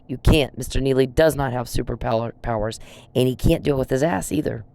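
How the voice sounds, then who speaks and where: A woman's voice: very deep voice, fairly quick, gravelly, mellow. A woman ranting straight at someone in a blunt, accusatory, profane vlog monologue. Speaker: vlogger. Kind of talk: angry direct-address rant.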